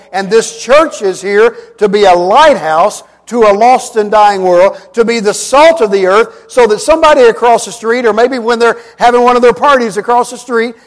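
High-voiced preacher in an echoing hall. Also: male voice. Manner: emphatic, repetitive preaching with humor. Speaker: pastor. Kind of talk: sermon. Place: church sanctuary. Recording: long reverb of a church hall.

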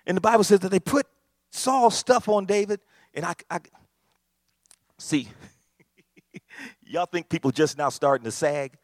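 A man preaching a sermon as pastor, animated, repetitive and emphatic. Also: high voice, unhurried, long pauses, no echo, studio quality.

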